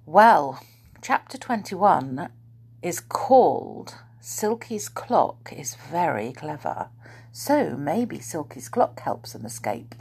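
A woman reading a children's book aloud to young listeners, animated and dropping to whispers. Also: sits low, takes it slowly, gravelly, husky.

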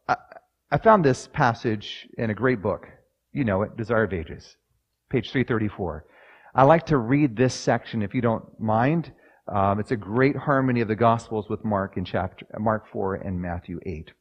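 A man preaching a sermon, moving from quiet personal storytelling to loud, dramatic scripture readings. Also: fairly low pitch, normal speed, muffled recording.

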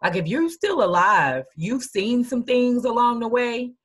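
A woman's voice: a little high, animated, unhurried, fairly bright tone, breathy edge. A woman hosting a podcast, talking things over in a reflective, casual way and speeding up when she makes a point. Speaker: podcast host. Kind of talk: casual conversation.

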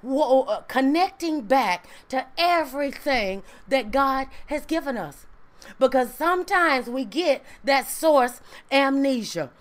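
A woman's voice: high-pitched, animated, slow pace. A woman preaching a sermon, emphatic and engaging the listeners with repeated asides and amens. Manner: emphatic, call-and-response asides like "right?" and "amen".

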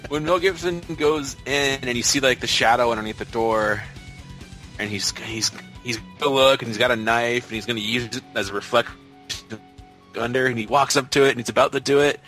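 A man co-hosting a casual podcast chat, retelling movie scenes in an animated way and swearing freely. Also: mid-range voice, brisk, faint music behind. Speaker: podcast co-host.

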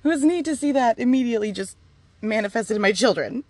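A woman's voice: fairly high pitch, animated, quick pace, a little mellow, no echo. A woman hosting a casual personal podcast, talking candidly and swearing freely while recording outdoors in a yard. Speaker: podcast host.

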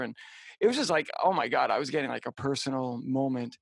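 A middle-aged man co-hosting a podcast, telling a personal story in a halting, heartfelt way with many fillers and restarts. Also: medium pitch, expressive, creaky, breathy edge, no room sound. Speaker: podcast co-host. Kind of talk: casual storytelling chat.

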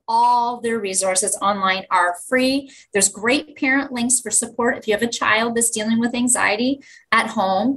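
A woman's voice: on the high side, a bit bright, slight background noise, low-quality recording. Enthusiastic woman teacher telling stories. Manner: enthusiastic storyteller, acts out children's voices. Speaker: teacher and guest. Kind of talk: conversational podcast interview.

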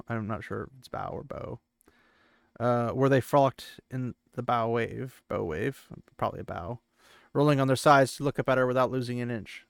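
A man's voice: mid-range voice, creaky, clear, resonant tone, no echo, studio quality. A man hosting a podcast and recapping a book chapter in rambling, conversational chat. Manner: rambling, conversational, with filler words. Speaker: podcast host.

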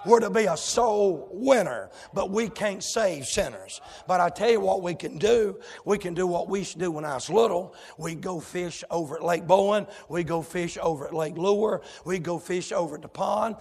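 A man preaching a fiery sermon, shouting and calling out to the congregation. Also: high voice, normal speed, few pauses, slightly rough, in a large hall.

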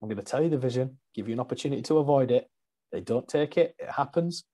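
Man, husky voice, lively storyteller, casual interview chat. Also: mid-range voice, fast. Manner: animated storyteller, acts out quotes. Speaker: guest wrestler.

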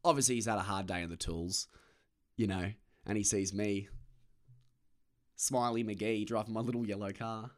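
A man rambles to camera in a loose solo monologue. He swears freely, pokes fun at himself, and breaks into laughs. His voice sits on the lower side. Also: normal speed. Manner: rambling, sweary, self-mocking, laughs often. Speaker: vlogger.

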